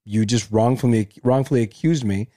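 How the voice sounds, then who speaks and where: A middle-aged man co-hosting a podcast, telling a story in lively casual chat and teasing his co-host. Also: mid-range voice, normal speed, dry recording, studio quality.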